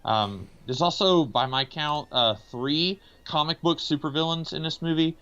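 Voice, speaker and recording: A man's voice: fairly high pitch, moderate pace, bright, forceful tone, smooth. Man from the American South chatting about films, slightly muffled. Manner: hesitant, many filler words. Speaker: podcast co-host. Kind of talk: casual movie discussion.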